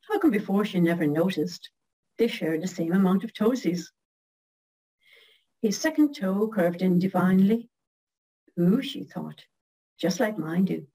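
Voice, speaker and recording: A middle-aged woman reading her own poem slowly and carefully, then chatting casually as a guest. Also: fairly low pitch, warm tone, breathy edge, low-quality recording. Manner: slow, measured recitation.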